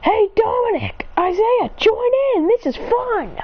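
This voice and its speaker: A woman's voice: mid-range voice, expressive, moderate pace, highs cut off, close to an everyday voice. A woman voicing a cocky young male assassin who wields fire, smug and gleeful about fighting.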